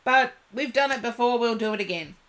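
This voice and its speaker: A woman reading tarot live for viewers, chatty and reassuring, talking to them by name, her voice going a little hoarse. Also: a little high, a little fast, fairly bright tone. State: losing her voice. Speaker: tarot reader.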